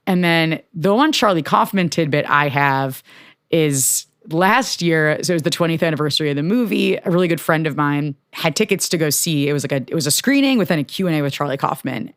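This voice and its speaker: A woman's voice: brisk, dry recording. Chatty young woman, dry close sound. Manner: chatty storyteller, filler-heavy, voices her quotes in high pitch. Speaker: podcast guest. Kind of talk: casual podcast chat.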